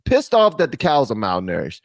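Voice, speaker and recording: Animated male live-stream host, lively pitch. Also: a little fast, no room sound, studio quality. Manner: animated, swinging from loud ranting to low muttering. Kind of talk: casual live-stream commentary.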